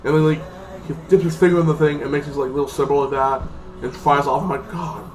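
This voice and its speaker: A man's voice: on the high side, flat delivery, fast, a little mellow. A man giving a casual, rambling movie review, filling his talk with "like" and acting out the characters. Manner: rambling, full of "like", acts out characters. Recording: voice a bit far from the mic, faint music behind.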